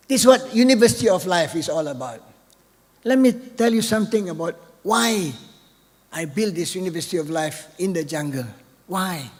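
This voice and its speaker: Older guy doing a keynote off the cuff, kinda high voice, keeps going "right?", long echo in the hall. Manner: chatty, asks the audience "right?" often. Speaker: keynote speaker. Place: large hall.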